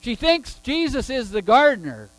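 A man's voice: very high voice, sing-song, moderate pace, low-quality recording. A man preaching a sermon, emphatic and full of rhetorical questions.

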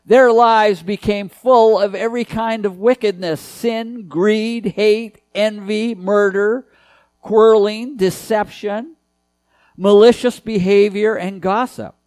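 Male preacher, high voice, dry close sound, earnest and emphatic. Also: a little mellow, no echo. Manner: earnest, emphatic preaching with repeated key phrases. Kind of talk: sermon.

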